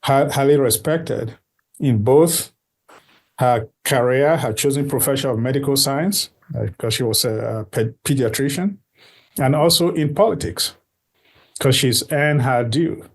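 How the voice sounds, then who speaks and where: A man answering interview questions at an unhurried, steady pace. He lays out his points deliberately and circles back to repeat key phrases so they stick. His voice sits at an ordinary male pitch. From Nigeria. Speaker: guest, diaspora organization board member.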